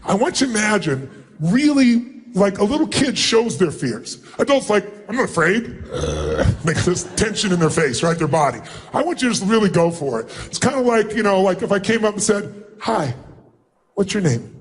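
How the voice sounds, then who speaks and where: A motivational speaker addressing a huge live audience in an arena, commanding and energetic, calling for the crowd to shout back. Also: male voice, high-pitched, a little fast. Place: large arena with thousands present.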